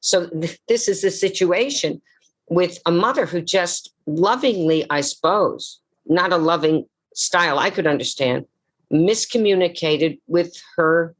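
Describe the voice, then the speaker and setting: An older woman, an actress, telling her life story theatrically on a video call, slowing and dropping low for emphasis. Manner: dramatic, slows for emphasis, drops low on key words. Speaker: actress and memoir author, guest.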